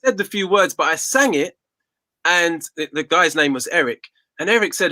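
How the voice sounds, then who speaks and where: A man in his forties with a bright, forceful tone sits as a guest singer in a casual interview. He tells his story in a reflective, unhurried way, repeating words as he gathers his thoughts, and his voice sounds close and dry. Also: fairly high pitch, expressive, no echo. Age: 40s.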